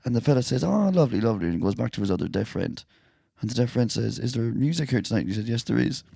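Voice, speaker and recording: A man's voice: mid-range voice, fast talker, creaky, dark tone, husky, no room sound, studio quality. A man co-hosting a podcast in casual chat, bantering and telling jokes. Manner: joking, banter, tells jokes. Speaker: podcast co-host.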